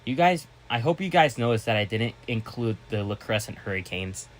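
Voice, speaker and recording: An excitable man talking casually to his viewers in a vlog. His pitch leaps around constantly in a very lively way. He rambles, restarts sentences and breaks into sudden loud outbursts. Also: normal speed, a little hiss or hum. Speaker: vlogger.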